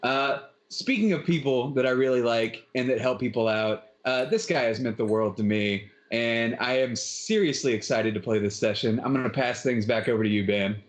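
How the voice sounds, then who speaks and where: A man's voice: medium pitch, moderate pace, few pauses. Playful man introducing himself with flair. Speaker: player. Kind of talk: casual chat on a live stream.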